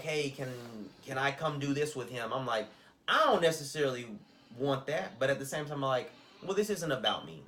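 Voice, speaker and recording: Bright-voiced man in earnest podcast chat. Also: mid-range voice, a little hiss or hum. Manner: earnest, reflective, quotes others in raised voice. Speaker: podcast co-host. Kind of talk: casual chat.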